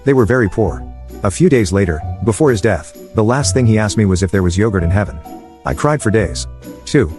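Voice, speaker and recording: A man reading storytime narration in a steady, even manner. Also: on the low side, fairly quick, soft background music.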